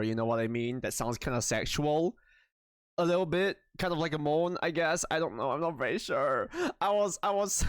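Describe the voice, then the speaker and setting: A tired young man chats loosely with his live stream audience, cursing and giggling at himself. His pitch jumps all over the place as he rambles. The sound is close and dry, with no room echo. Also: smooth. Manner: swears freely, giggly, self-mocking, rambling. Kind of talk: casual chat with viewers.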